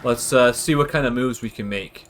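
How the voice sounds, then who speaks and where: A man's voice: medium pitch, normal speed, a bit bright, slight background noise. Rambling man commentating gameplay. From Canada. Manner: chatty, drifts into rambling tangents. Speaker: gaming channel host.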